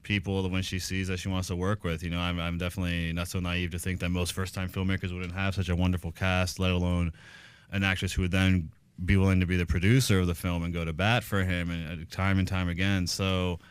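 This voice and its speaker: A man's voice: sits low, little pitch movement, a little fast, smooth, no echo. A man guesting on a radio show as a film director, telling stories in a laid-back, chuckling way in a studio. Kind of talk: casual interview chat. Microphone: studio microphone.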